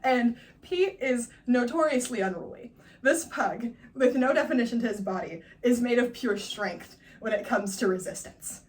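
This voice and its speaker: A young woman from Northern California telling a funny personal story, animated and laughing often as she acts out the people in it. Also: a little high, normal speed, distant mic. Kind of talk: personal storytelling, class assignment.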